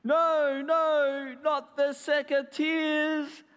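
A man's voice: very high-pitched, slow pace, a bit bright, pitched above the performer's own voice, full character voice. A man voicing a melodramatic young male grape branch with wailing, overacted cries. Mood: panicked. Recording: echoey hall.

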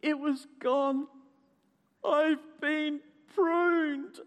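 A man's voice: very high-pitched, slow pace, a bit bright, voice pushed up, heavily acted. A man voicing a melodramatic young male grape branch with wailing, overacted cries. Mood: wounded. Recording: echoey hall.

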